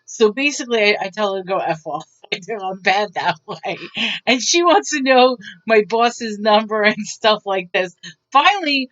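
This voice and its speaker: A woman's voice: mid-range voice, normal speed. A woman vlogger telling stories in a casual, rambling way, acting out the lines of the people in them. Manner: rambling, animated, acts out quotes. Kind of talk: casual storytelling. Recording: dull lo-fi sound.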